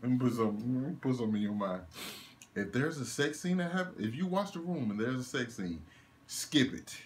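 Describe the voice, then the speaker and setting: Animated laughing young man reviewing a movie. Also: mid-range voice, brisk, slight background noise. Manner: animated, laughing, incredulous rants with swearing. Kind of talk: casual one-take movie review.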